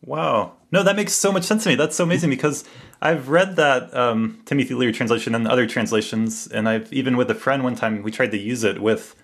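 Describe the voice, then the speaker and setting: Male podcast host, enthusiastic and quick to react, with an ordinary mid-pitched voice. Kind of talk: conversational interview.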